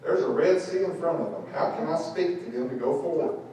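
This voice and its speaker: Frantic male leader in a panic, high and pleading, drawl, as a man puts him on; echoey church, distant mic. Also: brisk, warm tone, a little hiss or hum, lightly acted.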